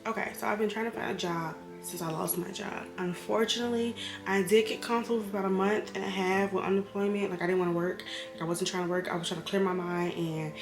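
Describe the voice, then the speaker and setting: A woman's voice: mid-range voice, fairly even intonation, quick pace, echoey room, over music. A woman, a bit tipsy, talking candidly and emotionally in a personal vlog about hard times, rambling and sometimes getting heated. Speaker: vlogger, single mother.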